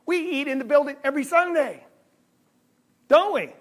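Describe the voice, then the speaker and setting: Animated high-voiced male preacher. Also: moderate pace. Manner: animated, asks the audience questions. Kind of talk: Bible class lecture. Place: church hall.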